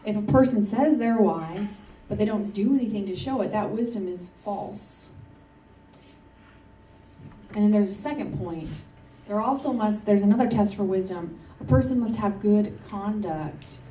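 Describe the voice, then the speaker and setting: A woman's voice: mid-range voice, unhurried, warm tone, slight background noise. Woman preaching in a roomy church. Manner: earnest, emphatic, repeats key points. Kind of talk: sermon. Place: church hall. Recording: roomy church audio from a distance.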